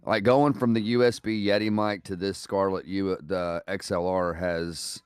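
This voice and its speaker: Deep, smooth-voiced laid-back man. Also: level tone, measured pace, a little mellow, dry recording, clean studio sound. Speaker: guest. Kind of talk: casual chat.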